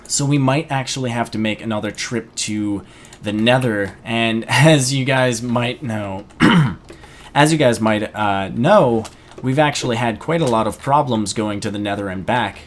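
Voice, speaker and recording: A young man casually commenting on his gameplay, chatty and rambling, with sudden excited outbursts. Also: medium pitch, slight background noise. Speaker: gaming video host.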